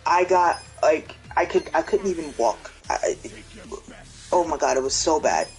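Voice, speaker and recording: Animated, swearing man telling a story. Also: a little high, measured pace, soft background music, low-quality recording. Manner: animated, swears freely, talks to himself in retellings. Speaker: gaming co-host. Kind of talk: casual storytelling chat.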